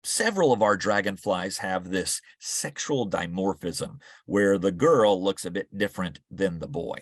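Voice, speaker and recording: Man, low voice, dry close sound, enthusiastic talk to a club. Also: lively intonation, a little slow, dry recording. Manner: enthusiastic, conversational with fillers. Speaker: naturalist speaker. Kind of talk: slide talk to a club meeting.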